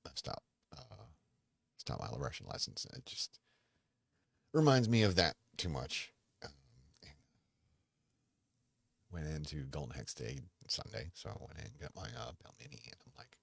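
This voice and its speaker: Recorded dry, a podcast host with an extremely low, creaky, husky voice talks casually by himself. He rambles, breaks off his own thoughts, and slips in dry jokes.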